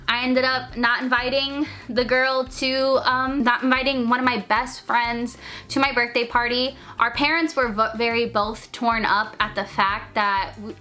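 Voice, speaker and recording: Young woman, storytime chat, fast talker, slightly high, bright tone, faint music behind. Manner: fast-talking, lots of "like" fillers. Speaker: storyteller vlogger.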